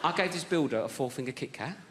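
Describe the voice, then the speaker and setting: A man's voice: on the high side, expressive, fast talker, background noise. A man doing stand-up crowd work, teasing and then apologizing to audience members. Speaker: stand-up comedian. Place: comedy stage with an audience. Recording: roomy live venue with loud crowd.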